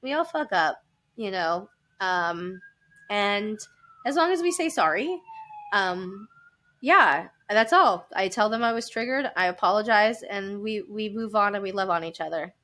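Bright-voiced woman telling candid stories. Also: medium pitch, measured pace. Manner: open and animated, laughs often. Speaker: podcast guest. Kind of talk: candid personal storytelling.

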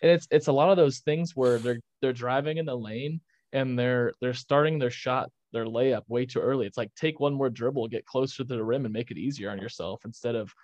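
A man's voice: medium pitch, brisk, a little mellow, no echo, highs cut off. A young man co-hosting a casual sports podcast, ranting with energy and often restarting his sentences. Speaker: podcast co-host.

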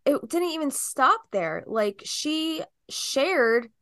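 A woman's voice: sits high, takes it slowly. A woman co-hosting a podcast in casual chat, telling stories with big exclamations. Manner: animated storytelling with big exclamations. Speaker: podcast co-host.

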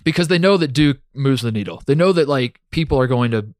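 A young man rambles through a casual sports chat on a podcast. He sounds animated and sarcastic, and he leans on plenty of filler words. His voice is dry and close, with no room sound at all. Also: mid-range voice, a little fast, dry recording. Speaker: podcast co-host.

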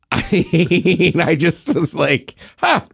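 A man co-hosting a podcast, chatting in a laid-back way with quick reactions. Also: a little high, very animated, no echo, studio quality. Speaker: podcast co-host. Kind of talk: casual chat.

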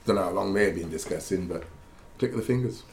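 In a roomy space with faint background noise, a former footballer tells rambling stories in casual conversation. His voice is deep and darkish, his pace fast, and he keeps laughing and correcting himself.

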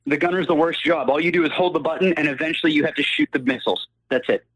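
Ranting, animated man on a podcast. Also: a little high, quick pace, no room sound, poor audio. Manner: animated, ranting comic storytelling. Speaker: guest caller. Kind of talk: casual podcast chat.

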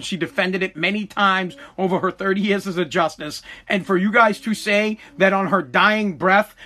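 A man hosting a solo podcast who rants in an excitable, exaggerated and profane way. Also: high-pitched. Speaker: podcast host. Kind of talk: comedic solo podcast rant.

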